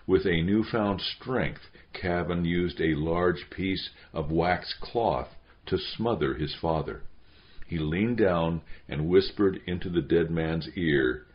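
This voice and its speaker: A man with an extremely deep voice reads a dark novel aloud in a measured, deliberate way. The recording is dull and somewhat lo-fi. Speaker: audiobook narrator. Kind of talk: scripted narration.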